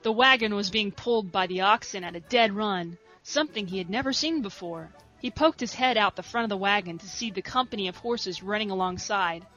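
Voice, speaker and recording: Woman softly reading a story. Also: medium pitch, a little fast, few pauses, soft background music, low-quality recording. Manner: soft, steady reading. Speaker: reader. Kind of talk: storybook narration.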